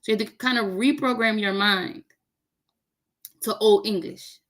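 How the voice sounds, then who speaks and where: A woman's voice: mid-range voice, fairly even intonation, measured pace, a bit bright. A woman learning a language on camera, chatting casually and joking with her viewers. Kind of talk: casual chat while doing a recorded lesson.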